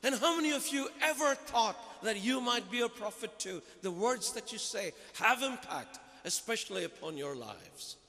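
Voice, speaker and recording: A man's voice: sits high, lively intonation, normal speed, hardly any pauses, pushed and bright. A man preaching a sermon, emphatic and putting rhetorical questions to his listeners. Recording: long reverb of a large hall.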